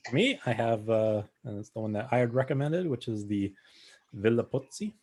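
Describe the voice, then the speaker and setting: A man hosting a casual virtual wine tasting over a video call, relaxed and rambling, with many fillers and restarts. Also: mid-range voice, normal speed, slight background noise.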